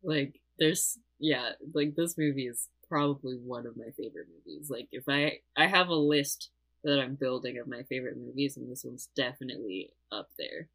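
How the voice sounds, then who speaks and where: A woman's voice: extremely low pitch, normal speed, poor audio. A young woman in casual podcast chat about a movie, laughing often and acting out lines she quotes. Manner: giggly, animated, quotes lines in acted voices.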